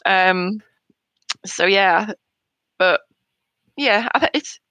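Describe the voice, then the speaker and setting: A woman in her thirties, a bereaved mother in an interview, talking in a hesitant, halting way with soft laughs between thoughts. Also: medium pitch, no echo, rough recording. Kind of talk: emotional personal conversation.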